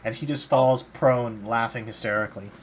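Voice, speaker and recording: A man narrating as game master in a tabletop game, calm and plain, slipping into short character lines. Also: mid-range voice, moderate pace, slight background noise.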